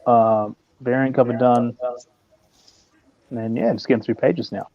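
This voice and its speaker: A man's voice: medium pitch, a little slow, crowd noise. A comic artist giving a matter-of-fact update on his work in casual chat. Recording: dull lo-fi mic.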